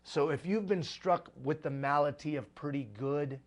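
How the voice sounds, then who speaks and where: Addressing executive leaders live, a man gives a motivational speech at a moderate pace in a somewhat high voice. His delivery is emphatic, with refrains repeated for effect.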